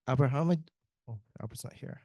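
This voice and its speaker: A man's voice: medium pitch, quick pace, creaky, warm tone, no echo. Man, IT presenter, casual joking delivery, mid-range voice, dry close sound. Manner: joking, chatty, self-interrupting with restarts. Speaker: IT speaker at a tech summit.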